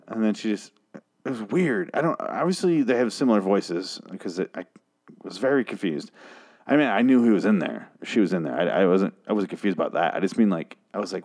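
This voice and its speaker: A man's voice: fairly low pitch, big pitch swings, moderate pace, a little mellow. A man casually recapping a TV episode, rambling, sarcastic and profane, with frequent asides and restarts. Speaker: show recap host.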